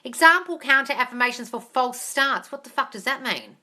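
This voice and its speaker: A woman hosting a live question-and-answer stream as a manifestation coach, blunt and brisk, swearing freely and sounding exasperated. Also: fairly high pitch, bright, forceful tone.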